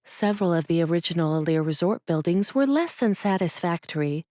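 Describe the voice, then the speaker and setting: A woman narrates a sweet romance audiobook in a measured, expressive voice. Her tone is warm and mellow, sitting a little low, and the studio sound is close and dry. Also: dry recording.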